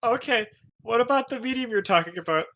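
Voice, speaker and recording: A man's voice: extremely high pitch, lively intonation, fast, fairly bright tone, exaggerated voice. A man reading as a nervous, earnest young boy who talks hesitantly with many stalls. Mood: confused. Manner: hesitant, full of uhs and restarts. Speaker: reader in a group readthrough. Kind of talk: live unscripted fan script reading.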